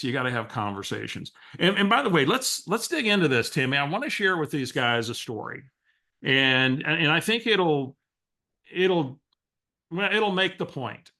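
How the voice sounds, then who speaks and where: A man's voice: mid-range voice, animated, moderate pace, sharp tone. A man, a real estate coach telling a story on a coaching call and acting out the quoted dialogue, with frequent restarts. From Texas.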